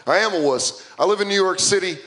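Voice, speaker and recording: A man's voice: high voice, fast, fairly bright tone. A young man in his twenties performing a stand-up comedy set, self-mocking and punchy.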